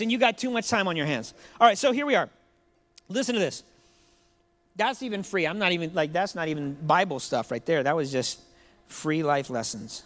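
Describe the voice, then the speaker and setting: A man's voice: fairly high pitch, expressive, moderate pace, a bit bright. A man preaching a sermon in a church, joking and conversational, addressing the congregation directly. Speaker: pastor.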